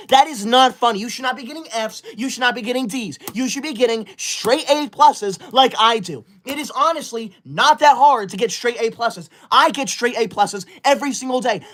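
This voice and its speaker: A man's voice: high voice, a bit bright. A man in his twenties playing a pompous, bossy young male livestreamer who scolds his chat while reading super chats, as a comedy character. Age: 20s.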